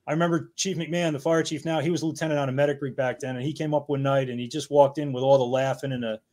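A battalion chief in his fifties, appearing as a podcast guest, races through rambling stories of his working years, laughing and swearing casually. His voice is medium-pitched, steady and a little mellow.

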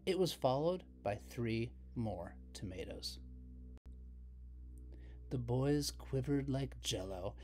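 A man reading a children's picture book aloud as storyteller, slow and expressive. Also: medium pitch, faint music behind.

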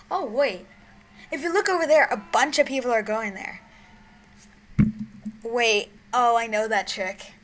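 A young woman talks through a hide-and-seek game in a slightly high voice, jumping from giddy shrieks to quiet mumbles. The home recording carries steady background noise and clicks. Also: a little slow, pauses often, low-quality recording. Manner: excitable, shrieks and giggles, drops to mumbled whispers. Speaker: gaming YouTuber. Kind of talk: gameplay commentary.

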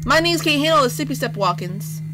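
Goofy, jumpy woman gaming over loud music. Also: sits high, brisk, low-quality recording. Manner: goofy and playful, baby-talk words; excitable, jumpy when scared. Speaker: gaming YouTuber. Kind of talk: horror game let's play commentary. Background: loud eerie game music.

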